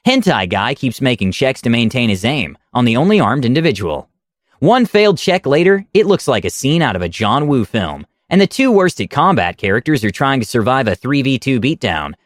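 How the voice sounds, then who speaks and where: A man narrating a story with an animated, wide-ranging pitch and wry, deadpan asides. His voice sits at a middle pitch and sounds close and dry, with no room around it. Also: normal speed, no room sound. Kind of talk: reading a story aloud.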